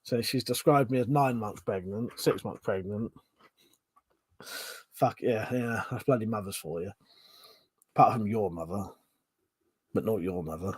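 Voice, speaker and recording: Speaking on the low side at a measured pace with frequent pauses, a British man runs a casual livestream, reading comments aloud and chatting loosely with viewers while swearing freely and rambling. His voice is a little mellow with a breathy edge. The sound is clean studio audio with no room sound.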